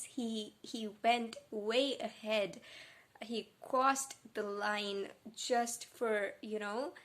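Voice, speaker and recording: Slow-talking tearful young woman vlogger. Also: a little high. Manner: emotional, gushing, close to tears. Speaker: book vlogger. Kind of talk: casual reading vlog chat.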